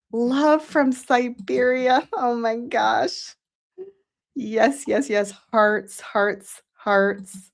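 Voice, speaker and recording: Woman host on a live stream, slow and effusive, reads comments aloud and thanks each viewer. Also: on the high side. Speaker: psychic show host.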